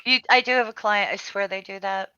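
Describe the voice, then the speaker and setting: A woman chatting casually, blunt and crude, telling animated stories. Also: medium pitch, brisk, clean tone, dull audio. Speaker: storyteller. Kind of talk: casual chat.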